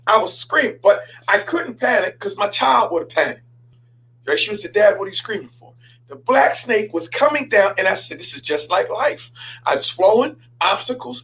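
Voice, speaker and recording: A man, a pastor hosting a show, telling a story in a lively sermon style, repeating himself and stumbling over words as he goes. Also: high voice, slight background noise, rough recording. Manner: animated, repeats himself and stammers.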